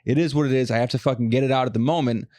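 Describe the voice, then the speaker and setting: A man's voice: mid-range voice, fairly even intonation, darkish tone, no echo. A man hosting a podcast, telling long profane stories in casual chat. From Los Angeles area. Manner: profane, fast storytelling rants. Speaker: podcast host.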